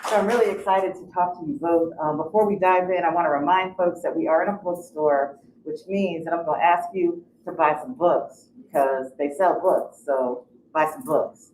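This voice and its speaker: Woman host reading intros, warm dark voice, far off, echoey room. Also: low voice, moderate pace, a little hiss or hum. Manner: reads bios, ad-libs asides. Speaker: event moderator. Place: bookstore. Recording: distant voice in an echoey bookstore.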